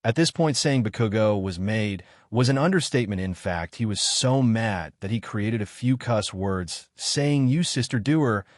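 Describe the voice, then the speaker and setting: A man narrating a fan fiction story in a steady, plain read. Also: fairly low pitch, moderate pace, hardly any pauses, dry recording, clean studio sound.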